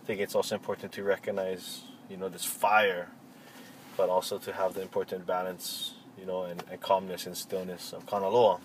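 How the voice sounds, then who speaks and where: A man answering interview questions in a relaxed, reflective way, pausing often with fillers and restarts. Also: sits low, poor audio. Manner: halting, many fillers and restarts. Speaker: interviewee, cultural practitioner. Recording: faint vehicle noise behind.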